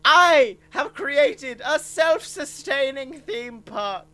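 Comic's put-on evil scientist, pompous, slow villain speeches. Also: high-pitched, lively intonation, sharp tone, voice pushed up, exaggerated voice. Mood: grandiose. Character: evil scientist man doing a Herzog-style voice, grandiose villain. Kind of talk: comic storytelling.

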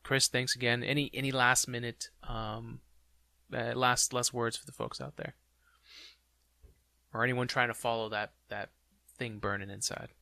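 Gravelly, bright-toned podcast host. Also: male voice, mid-range voice, flat delivery, moderate pace, pauses often, dry recording. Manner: brief affirming responses. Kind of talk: casual interview chat.

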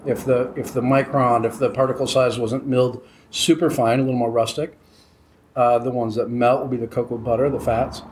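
A man's voice: medium pitch, flat delivery, brisk, a little mellow, a little hiss or hum, low-quality recording. A man who makes chocolate, talking casually on a podcast and explaining the tasting steps plainly. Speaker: chocolate maker guest.

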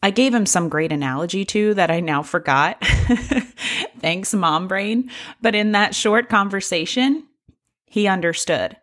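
A woman's voice: medium pitch, expressive, a little slow, fairly bright tone. A woman in her thirties hosting a motivational podcast, talking straight to the listener in an upbeat, encouraging way. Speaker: podcast host.

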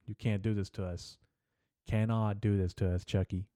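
A man's voice: fairly low pitch, little pitch movement, normal speed, mellow, no echo. A man hosting a podcast, ranting in a profane, rambling, emphatic comedic way into a close mic. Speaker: podcast host. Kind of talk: casual comedic rant.

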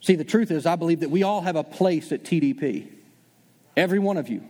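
Pastor guy preaching fast, bit high voiced, echoey big church hall. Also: lively intonation, a little mellow. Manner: conversational, acts out listeners' doubts in quick asides. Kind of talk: sermon.

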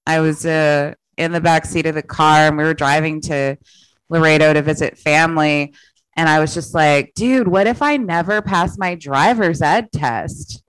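A chatty woman guest recounting her past with frequent laughter. Her voice is smooth and resonant, recorded close and dry with no room sound. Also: sits low, no echo, low-quality recording. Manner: chatty, laughs often, quotes herself in animated voices. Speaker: comedian guest. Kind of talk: casual interview storytelling.

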